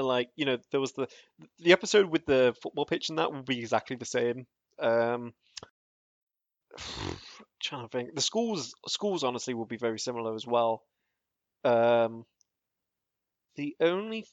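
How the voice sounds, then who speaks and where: A man's voice: medium pitch, no room sound, lo-fi sound. A man co-hosting a podcast in casual chat, rambling with lots of fillers and restarts and laughing often. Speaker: podcast co-host.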